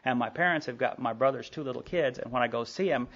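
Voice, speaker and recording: A man, speaking at a recovery meeting, telling his story in a quick, animated way full of asides. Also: medium pitch. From Sherman, Texas. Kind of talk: personal storytelling talk. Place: meeting hall. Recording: dull lo-fi tape recording.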